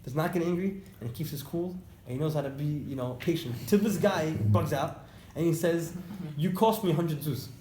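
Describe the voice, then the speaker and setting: A man teaching an informal religious class to students, telling stories in an animated way and repeating phrases for emphasis. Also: on the high side, brisk, hardly any pauses. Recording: echoey room, faint background noise.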